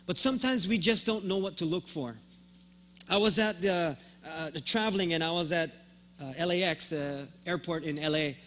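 A man's voice: fairly high pitch, normal speed, fairly bright tone. A man preaching a sermon as pastor, telling a story and acting out both sides of the conversation, often repeating words as he starts a thought.

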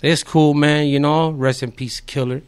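A man's voice: a little high, steady tone, normal speed, a crowd in the background. A man, a podcast guest telling a story in a laid-back, slangy way with heavy swearing. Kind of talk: casual storytelling.

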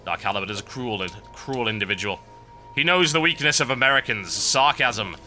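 Guy doing a lets play, super bright voice, lively and sarcastic, game music faint behind. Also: medium pitch, moderate pace. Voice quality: sarcastic, rambling. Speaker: game commentator. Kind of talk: let's play commentary.

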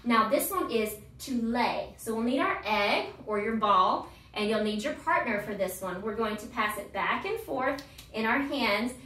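A woman's voice: a little high, animated, a little slow, pushed and bright. A woman in her thirties teaching a grammar lesson, chanting verb forms in a cheerful sing-song while she coaches a child. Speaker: homeschool teacher and channel host. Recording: roomy echo, voice from far off.

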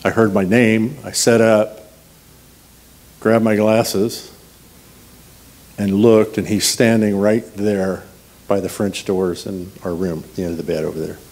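Low-voiced, joking guest preacher. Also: male voice, fairly even intonation, a little slow, long pauses, darkish tone. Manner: conversational, humorous, anecdotal. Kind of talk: storytelling sermon.

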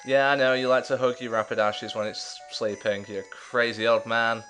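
A man's voice: medium pitch, level tone, moderate pace, hardly any pauses, fairly bright tone, soft background music. A man hosting a let's play, giving casual gameplay commentary with chatty, jokey, self-mocking asides.

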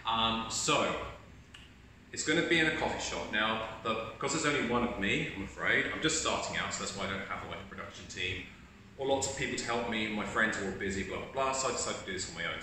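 A man's voice: on the low side, expressive, a little fast, bright, forceful tone. Chatty man, very echoey room. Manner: chatty, encouraging, self-deprecating. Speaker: video host. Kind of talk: casual self-help talk to camera. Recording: echoey room, distant mic, faint hiss.

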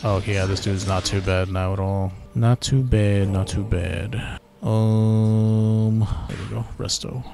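A man hosting casual gameplay commentary, relaxed and chatty as he thinks aloud while playing. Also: on the low side, slow pace, vocal fry, over music. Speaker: gaming channel host.

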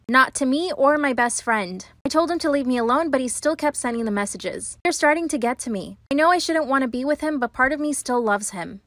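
Woman, high voice, storytime narration, matter-of-fact, dry close sound. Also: a bit bright, no room sound.

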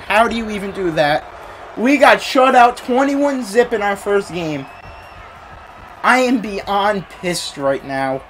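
A young gaming creator talks over his football game in a fairly high voice that leaps around wildly. He rants in frustration, dropping to grumbles and then bursting into shouts. A steady hiss of noise sits under the recording. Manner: frustrated ranting at the game, swinging between mutters and shouts. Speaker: gaming YouTuber. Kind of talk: live gameplay commentary.

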